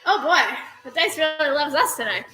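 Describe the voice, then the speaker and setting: A woman's voice: high voice, expressive, moderate pace. A young woman coaching an online gymnastics class, upbeat and cheering, laughing often and out of breath from the workout. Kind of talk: online fitness class instruction. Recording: echoey room with music behind.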